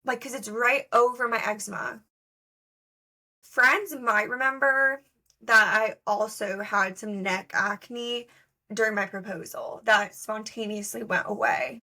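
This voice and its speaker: Speaking a little slowly, a young woman with a fairly high pitch and a sharp tone co-hosts a podcast. Her casual chat is storytelling-heavy and full of fillers.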